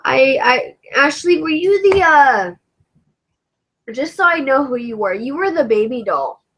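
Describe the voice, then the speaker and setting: A woman's voice: high-pitched, expressive, a little slow, a bit bright, poor audio. A woman with an English accent, chatting casually on a livestream as a cosplayer host, ranting animatedly and swearing freely.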